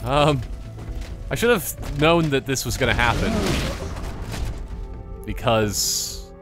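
A man's voice: medium pitch, expressive, slow, music in the background. A man giving casual, joking commentary over a video game, rambling and exclaiming often. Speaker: gaming channel host.

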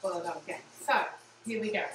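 An encouraging English woman takes a group through low impact cardio at a normal pace, leaning on cues like "again" and "yeah" and sometimes sounding winded. The recording has slight background noise, plus music, echo and a distant microphone.

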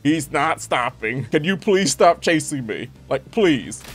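Excitable young man narrating gameplay. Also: a little high, a little slow, slightly rough, soft background music. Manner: excitable, talks to the game characters, frequent exclamations. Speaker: gaming YouTuber. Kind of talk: live gameplay commentary.

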